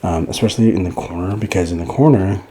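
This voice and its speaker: A young man gives loose, rambling commentary over gameplay for a fighting-game guide, slightly out of breath and full of fillers and restarts. His voice is low and mellow, and he talks fast.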